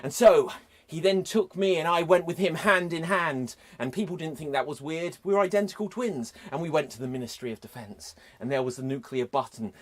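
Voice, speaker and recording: A man improvising an over-the-top dramatic story, swinging from hushed narration to shouts. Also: a little high, fairly quick. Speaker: improv performer. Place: live online improv show.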